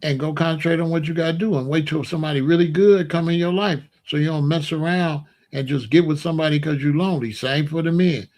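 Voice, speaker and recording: A man's voice: fairly high pitch, fairly even intonation, quick pace, hardly any pauses, darkish tone. A man talking casually and playfully in slang, giving loose, joking relationship advice straight to his listeners. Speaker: online talk host giving relationship advice.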